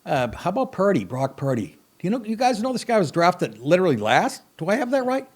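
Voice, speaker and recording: A man's voice: sits high, very animated, fast talker, husky. A middle-aged man hosting a podcast, telling a rambling comic story full of swearing and self-mockery, with wry asides and bursts of laughter. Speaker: podcast host. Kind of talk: profane comedic monologue.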